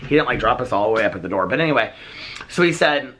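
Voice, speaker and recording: A man casually telling a story on his vlog, chatty and animated, acting out the dialogue as he goes. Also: mid-range voice, fast talker. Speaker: vlogger.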